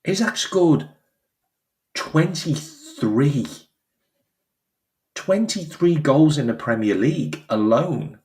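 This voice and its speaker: A man's voice: fairly high pitch, takes it slowly, long pauses. Emphatic man ranting about football. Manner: animated, emphatic, repeats phrases, acts out quoted voices. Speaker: football channel host. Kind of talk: casual opinion commentary.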